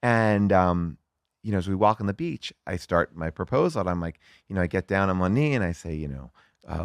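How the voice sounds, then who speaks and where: A middle-aged man chatting as a guest, telling a story in a lively way with lots of fillers and some swearing. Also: sits low, a little fast, dry recording, studio quality. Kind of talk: casual chat.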